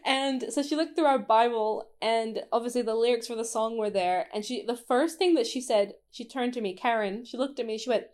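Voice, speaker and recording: A woman's voice: fairly high pitch, fairly quick, hardly any pauses. A woman telling a story in casual conversation as a podcast co-host, laughing often and acting out what others said. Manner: animated, laughing often, acting out quoted voices.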